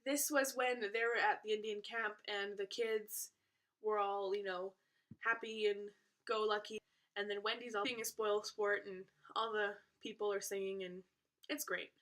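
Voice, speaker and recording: A woman's voice: mid-range voice, fairly even intonation, normal speed, a bit bright. A teenage girl chatting casually to camera as a vlogger, playful and self-aware with little asides. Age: teens.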